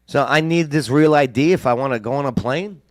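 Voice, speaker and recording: A man's voice: medium pitch, a little fast, dry recording, clean studio sound. A man hosting a casual chat, joking and sarcastic. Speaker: host.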